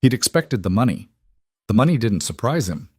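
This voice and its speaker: A man narrating a scripted story in a steady, even storytelling voice. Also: mid-range voice, moderate pace, husky, no echo, studio quality.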